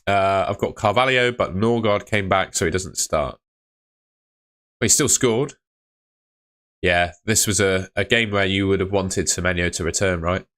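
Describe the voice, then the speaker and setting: Low-voiced laid-back man streaming. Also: moderate pace, fairly bright tone. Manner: laid-back, chatty, reads viewer messages aloud. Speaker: fantasy football streamer. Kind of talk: casual live-stream chat reading comments.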